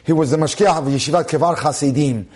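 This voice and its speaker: Male rabbi, fairly high-pitched, giving a Torah class on relationships in an emphatic style. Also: quick pace, darkish tone. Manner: emphatic, repeats phrases for stress, drops in Hebrew terms. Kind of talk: relationship lecture.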